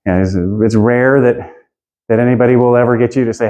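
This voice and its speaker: A man with a dark, mellow voice teaches a small, relaxed class. He talks in a loose, chatty way, stopping to laugh and shuffle through his notes. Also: medium pitch, fast, highs cut off.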